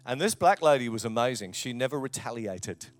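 A man preaches a sermon from the church stage at a mid pitch. His delivery swings from loud, emphatic lines to quiet asides. Faint music sits under his voice. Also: expressive, fairly quick. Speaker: pastor.

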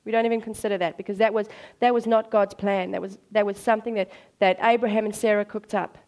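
A woman preaching a sermon, telling stories in an animated way and acting out the voices in them. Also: medium pitch, fast talker. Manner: animated storytelling, acts out voices.

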